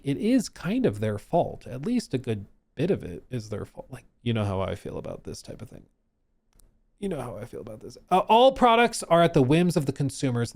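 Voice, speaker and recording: Guy ranting on his livestream, lively swingy voice, keeps hammering the point. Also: on the high side. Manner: animated, ranting, emphatic repetition. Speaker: streamer and host. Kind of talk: live-stream reaction commentary.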